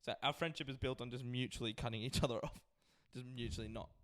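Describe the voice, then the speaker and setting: A man's voice: medium pitch, fairly even intonation, fast, fairly bright tone. A young man hosting a podcast, chatting casually and teasing his brother with frequent laughs. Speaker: podcast host. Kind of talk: casual chat.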